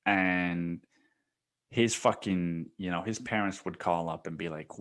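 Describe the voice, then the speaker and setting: Man, podcast host, fairly low voice, casual monologue, heavy swearing, laughs often. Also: measured pace, a bit bright. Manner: profane, laughing storyteller.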